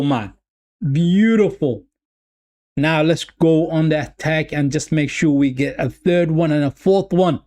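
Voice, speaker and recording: Fan streamer, male, slightly high voice, excitable and repetitive, addresses viewers as "people". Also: a little slow. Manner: calls the play loosely, repeating himself. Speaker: watch-along streamer. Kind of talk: live football watch-along commentary.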